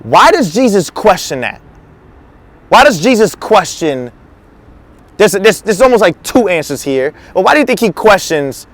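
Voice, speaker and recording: A male teaching pastor with a high voice preaches in a loose, slangy, conversational way. He slips into acted quotes as he teaches. The sound is dry and close. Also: very animated, moderate pace, fairly bright tone, no echo. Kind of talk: casual sermon teaching.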